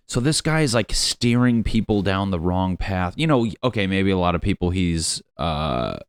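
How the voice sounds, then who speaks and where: A man's voice: low voice, big pitch swings, moderate pace, smooth, no room sound. A man hosting his own show, ranting in a rambling, profane, mocking way on his lunch break. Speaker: podcast host. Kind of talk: casual comedic rant.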